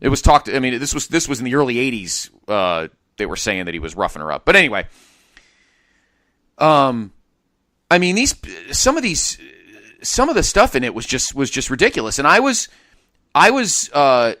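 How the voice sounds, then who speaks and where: A man in his forties talks casually as a podcast co-host, his pitch leaping around as he gets animated. His tone is bright and forward, and the sound is dry and close. He often breaks off mid-phrase and starts again. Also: moderate pace, no echo. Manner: animated, trails off and restarts. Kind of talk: casual chat.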